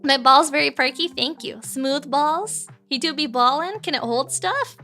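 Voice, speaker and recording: A playful, giggly woman chats on a livestream while she puts together a model kit. Her voice is very high and bright. Faint music plays behind her. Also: a little slow. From Canada. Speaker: streamer.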